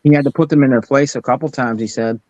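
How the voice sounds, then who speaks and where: A man's voice: medium pitch, fairly even intonation, fast, darkish tone, no room sound. Laid-back man on dull, dry audio. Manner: laid-back listener, agreeable, hesitant with fillers. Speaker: podcast co-host. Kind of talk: casual chat.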